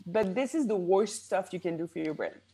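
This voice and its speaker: A woman's voice: fairly low pitch, lively intonation, fairly quick, dark tone. Woman, French accent, French native speaker, coach in a casual interview, easygoing, swears freely. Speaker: guest, personal branding coach.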